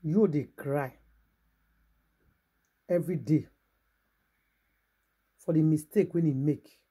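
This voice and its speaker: A man with a Nigerian Pidgin English accent and a somewhat high, husky voice. He gives casual vlog commentary and preaches to his viewers. He asks them rhetorical questions and talks straight at them. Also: slow, dark tone. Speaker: gossip vlogger.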